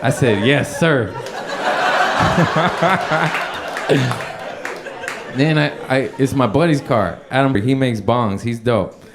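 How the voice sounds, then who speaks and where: A man's voice: mid-range voice, extremely slow, pauses often, very noisy. A young man doing stand-up, telling a long story in a loose, profane way and chuckling as he goes. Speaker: stand-up comedian. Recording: live room with audience laughter.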